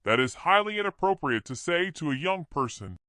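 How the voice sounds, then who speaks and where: A man voicing an older father who speaks in a calm, measured, pleading way. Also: on the high side, no room sound, studio quality, voice pushed up.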